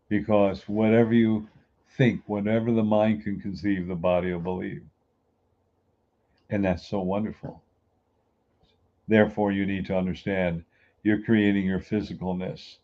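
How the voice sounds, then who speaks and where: This inspirational speaker, an East Coast native, speaks in a low voice, giving a motivational talk that's folksy and emphatic and features impressions of everyday people. The recording's high frequencies are cut off.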